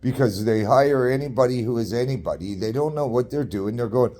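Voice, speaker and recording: A man's voice: medium pitch, brisk, dark tone. A man telling a story in a casual rant, blunt, profane and repetitive. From Canada.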